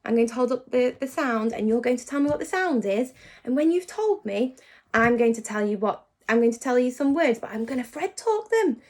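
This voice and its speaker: Animated, encouraging woman teaching phonics. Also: a little high. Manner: animated and encouraging, praising often; slows down to sound out words. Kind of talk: phonics lesson for young children.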